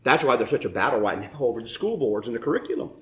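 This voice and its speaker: Animated preaching man, lively pitch. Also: fast talker. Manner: animated preaching with rhetorical questions. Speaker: pastor. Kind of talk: sermon.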